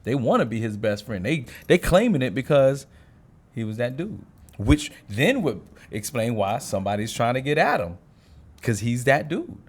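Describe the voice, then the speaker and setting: Man, co-host, casual chat, animated, middle pitch. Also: moderate pace, breathy edge. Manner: animated, acts out street talk in quotes.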